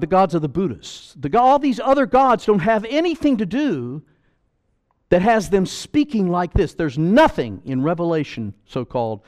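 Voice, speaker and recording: A man preaching a sermon as pastor, emphatic and pleading, full of rhetorical questions. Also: fairly high pitch.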